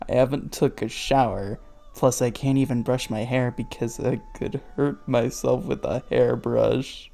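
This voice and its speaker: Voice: medium pitch, steady tone, a little slow, gravelly, mellow. A reader reading fan fiction aloud and stopping often to mock the writing with sarcastic, swearing asides. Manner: sarcastic, swears, laughs at the text. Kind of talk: mocking read-aloud commentary.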